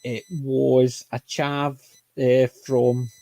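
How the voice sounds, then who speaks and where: A man's voice: medium pitch, level tone, very slow, vocal fry, dark tone, dry recording. A man with a mild Scottish accent reviewing a TV comedy in casual chat, rambling and often correcting himself. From Scotland. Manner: rambling, frequent self-corrections and apologetic restarts. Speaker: TV show reviewer.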